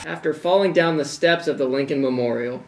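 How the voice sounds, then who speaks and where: A young man delivers sarcastic comedy news lines in a dry, deadpan way. His voice sits a little high, and the room around him echoes. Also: brisk, far from the mic, a little hiss or hum. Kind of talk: sketch comedy news banter.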